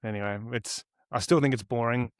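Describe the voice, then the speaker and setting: A man's voice: mid-range voice, a little fast, no room sound. Chatty Australian man, dry close sound. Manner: chatty, laughs easily, rambling explanations. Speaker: podcast co-host. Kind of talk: casual chat.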